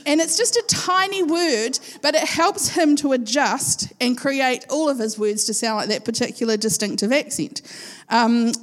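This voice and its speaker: A woman's voice: high voice, moderate pace. Playful New woman preaching in a hall. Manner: chatty and playful, laughs often, speaks to a live congregation. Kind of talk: sermon. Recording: long hall reverb.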